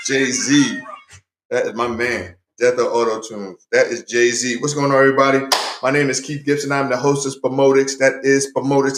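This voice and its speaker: A man's voice: mid-range voice, steady tone, normal speed, music in the background. A man hosting his own casual solo talk show, chatting directly to his viewers and repeating phrases for emphasis. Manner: talks directly to viewers, greets them often. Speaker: podcast host. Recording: roomy echo.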